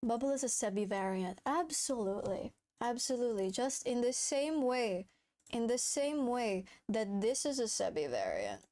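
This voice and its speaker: Woman, streamer, casual live stream chat, excitable, laughs a lot, swears, high voice, lively swoops. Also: moderate pace.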